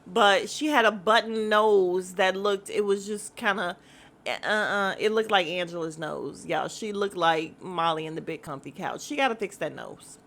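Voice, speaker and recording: Blunt, bright-voiced woman podcaster. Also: medium pitch, normal speed. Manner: blunt and profane; animated, mimics voices of others in quotes. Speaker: podcast host recapping a reality show. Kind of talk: casual chat.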